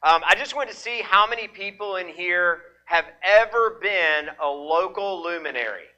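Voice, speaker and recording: A pastor, a man whose voice sits high and rings with a very bright, forceful edge. He preaches through a microphone in a church, playful and folksy, teasing his congregation as he asks for a show of hands. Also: expressive, normal speed, highs cut off. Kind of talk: sermon. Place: church sanctuary.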